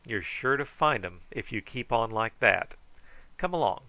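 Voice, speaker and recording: A man's voice: mid-range voice, expressive, unhurried, sharp tone, dry recording, dull audio. A man voicing a tall, lanky young bushman who talks in a dry drawl. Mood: eager.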